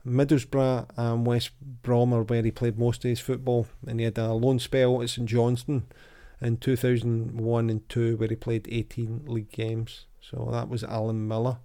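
A man's voice: medium pitch, normal speed, hardly any pauses, smooth. A man hosting a casual football chat, reading out old quotes and quizzes. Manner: chatty, reads quotes aloud with lively voices. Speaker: podcast host.

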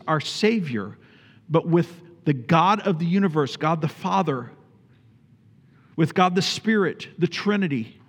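A man's voice: a little high, lively intonation, slow, pauses often, long reverb tail. A man preaching a sermon as pastor, emphatic, repeating phrases for stress and putting questions to his congregation.

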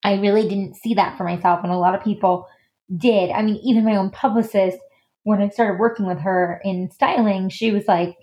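A woman's voice: mid-range voice, fairly even intonation, moderate pace, dark tone, lo-fi sound. A woman guest in a casual podcast interview, chatty and full of "like" and "um" fillers. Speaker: guest, stylist and designer.

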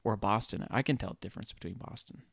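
A man's voice: lowish voice, fast talker, creaky, husky, dry recording. A man co-hosting a casual movie chat, rambling and playful, with lots of fillers. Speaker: podcast co-host.

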